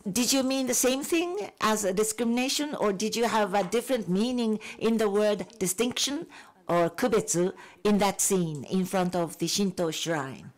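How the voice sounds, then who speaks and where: Woman interpreting in halting phrases. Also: medium pitch.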